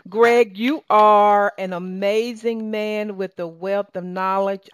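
A woman with a Southern accent hosts an interview show, warm and effusive in an inspirational tone. Her voice is close and dry, with no room sound around it. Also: on the low side, clean tone, no echo. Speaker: host. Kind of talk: podcast interview hosting.

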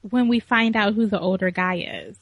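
A woman's voice: mid-range voice, fairly even intonation, moderate pace, slight background noise. A woman co-hosting a podcast, chiming in casually. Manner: brief agreeing interjections. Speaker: podcast co-host. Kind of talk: casual chat.

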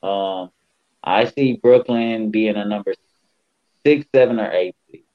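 A man's voice: fairly low pitch, a little slow, lo-fi sound. A man co-hosting a casual basketball podcast, giving blunt, slangy opinions. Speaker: podcast co-host.

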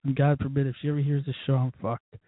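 A man's voice: medium pitch, level tone, quick pace, no echo. A man hosting a podcast alone, rambling and profane, with mimicked voices and sound effects. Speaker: podcast host. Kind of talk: casual solo monologue. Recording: tinny phone-like lo-fi sound.

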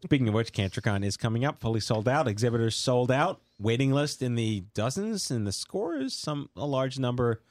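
A man with a New York accent hosting a casual talk show, rambling and joking through quick asides. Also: medium pitch, animated, no echo. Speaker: show host. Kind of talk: casual talk-radio banter.

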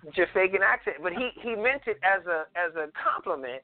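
A man from South Carolina, a guest in an interview, talking thoughtfully with many pauses and ums as he tells stories. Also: sits high, animated, no echo. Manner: thoughtful, frequent ums, storytelling. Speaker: guest, cultural preservationist. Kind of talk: conversational interview. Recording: phone-like lo-fi audio.

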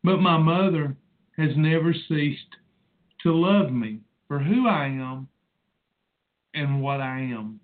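A man in his forties rambles through a personal monologue as host, emotional and preachy. He speaks slowly in a slightly high voice. The sound is thin and tinny, like a phone line. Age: 40s.

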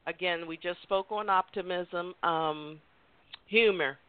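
A woman hosting a casual talk show, telling stories in an animated way and laughing often. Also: on the low side, slow. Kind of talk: casual chat. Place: Maryland. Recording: tinny dry phone line.

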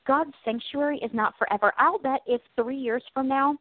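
A high-pitched woman spins a lively faith-based comedy story, laughing as she goes. The sound is tinny and phone-like, with a dry, close feel. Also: normal speed, no echo. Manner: animated storyteller, laughs often. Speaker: podcast co-host.

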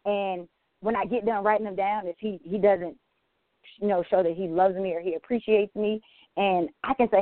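A woman's voice: medium pitch, normal speed, dry recording. Woman on a tinny phone line. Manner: candid, animated storytelling with quoted asides. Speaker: panelist. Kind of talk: church women's panel discussion.

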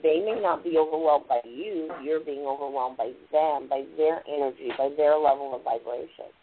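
A woman's voice: low-pitched, normal speed. A woman hosting a spiritual radio show, explaining things in a rambling, casual way and often saying "like" and "literally". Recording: tinny phone-line radio audio.

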